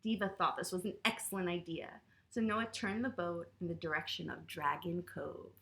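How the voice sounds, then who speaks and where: A woman reading a picture book aloud to children and leading yoga poses, speaking to them in an animated, playful way. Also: fairly low pitch, normal speed, gravelly. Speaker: children's storyteller and yoga teacher.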